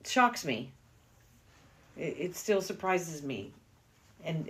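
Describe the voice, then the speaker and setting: Low-voiced woman chatting about films. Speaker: podcast co-host. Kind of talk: casual movie podcast chat.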